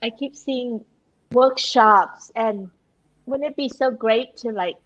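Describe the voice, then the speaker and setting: A woman co-hosting a frank casual chat, laughing often and talking in animated bursts with repeated words. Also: a little high, slow pace, lo-fi sound. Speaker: co-host.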